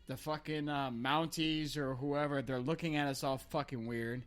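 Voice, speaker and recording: A man's voice: mid-range voice, steady tone, normal speed, clean tone. A young man tells a long, loose story to his friends on a podcast. He swears freely and laughs along with his own tale, in an easygoing, chatty way. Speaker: podcast host. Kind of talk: casual storytelling.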